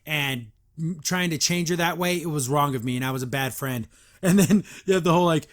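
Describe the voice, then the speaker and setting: A man hosting a casual episode review, chatty and quick to laugh, with lots of filler words. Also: on the high side. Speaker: host.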